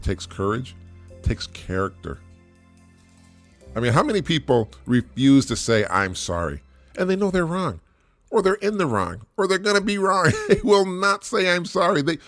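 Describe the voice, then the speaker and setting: A man's voice: a little high, very animated, measured pace, fairly bright tone, no echo, faint music behind. A middle-aged man hosting a solo parenting podcast. He talks in an earnest, repetitive way, laughs often and restarts his sentences. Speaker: podcast host, single father.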